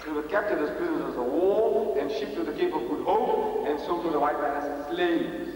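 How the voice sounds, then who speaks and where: A man's voice: fairly high pitch, moderate pace, darkish tone. A man giving a religious lecture to students, emphatic and rhetorical, often repeating his points for effect. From South Africa. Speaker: speaker addressing students. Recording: echoey hall from far off.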